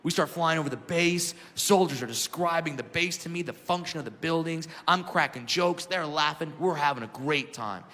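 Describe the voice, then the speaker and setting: A man performing a stand-up comedy routine on a club stage, telling stories in a brash, punchy way. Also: on the high side. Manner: brash storytelling, punchy and animated. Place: comedy club stage before a large audience. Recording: reverberant club hall, loud crowd laughter.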